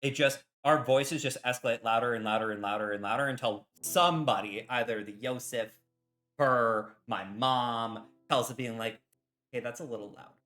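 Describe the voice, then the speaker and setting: Baking in his home kitchen during a live stream, a man rambles and jokes loudly with his viewers. His voice is medium in pitch and his speed normal, though the microphone sits some distance from his face.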